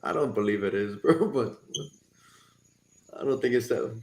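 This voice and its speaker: A man's voice: lowish voice, animated, unhurried, reverberant. A man co-hosting a podcast in casual chat, agreeable and slangy. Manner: agreeable, casual, says "bro" and "dude".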